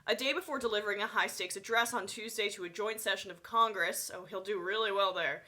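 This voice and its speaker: A woman's voice: medium pitch, quick pace, bright, forceful tone. A woman with a stuffy nose giving sarcastic, opinionated live political commentary, full of fillers. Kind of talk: live online news commentary.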